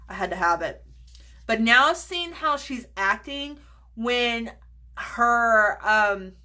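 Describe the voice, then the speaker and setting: A woman's voice: mid-range voice, bright, forceful tone. A woman chatting casually in a makeup vlog, gushing over products, swearing freely and dropping into whispers. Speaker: beauty vlogger.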